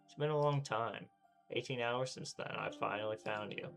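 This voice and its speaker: A man's voice: medium pitch, moderate pace, creaky, a bit bright, faint music behind. A man voicing a cheerful, playful young woman in white while reading a game script aloud. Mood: teasing.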